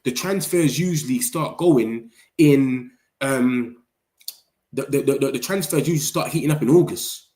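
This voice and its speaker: A man, chatting on a casual livestream with quick, slangy energy and a mid-pitched voice. His talk rings out in a roomy, echoey space. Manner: excitable, slangy, reads chat aloud. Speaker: football fan streamer. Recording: roomy echo.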